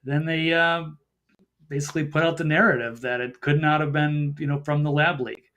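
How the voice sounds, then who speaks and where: Guest journalist guy, voice a bit on the high side, calm and agreeing along. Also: moderate pace, clear, resonant tone, highs cut off. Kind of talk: political talk show discussion.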